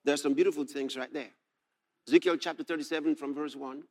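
A man preaching a sermon, explaining scripture verse by verse, often checking "all right?" and rising to shouts as he reads. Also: a little high, fast. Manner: animated, rising to shouts when reading scripture.

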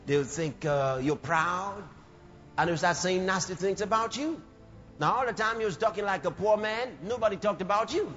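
A man delivers a sermon in a very high voice, driving his points home with repetition and acting out the voices he quotes. The recording is dull and lo-fi, with faint music underneath. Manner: emphatic, repeats phrases, acts out quoted voices. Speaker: preacher.

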